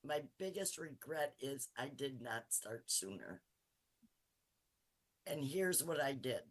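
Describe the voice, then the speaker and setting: A woman's voice: rumbling low, expressive, slow pace. A woman in her sixties giving a tearful, earnest webinar testimonial. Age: 60s. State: teary-eyed. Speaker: coaching client giving a testimonial.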